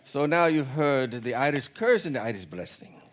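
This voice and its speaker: A man with a Jamaican accent preaching a sermon in a relaxed, conversational, joking way. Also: medium pitch, moderate pace, background noise. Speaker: pastor. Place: church sanctuary.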